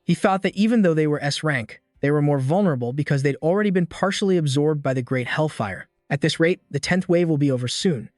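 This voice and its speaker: In a close, dry recording with soft music in the background and no room sound, a man with a somewhat high voice narrates a scripted story recap at a fairly quick clip with few pauses. He keeps an even read, hardly altering his voice for the characters.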